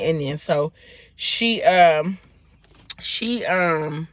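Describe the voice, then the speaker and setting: A woman's voice: low-pitched, normal speed, a bit bright. A woman vlogger casually retelling a book's plot while eating in her car, chatting with lots of fillers. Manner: chatty storytelling with many fillers. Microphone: phone.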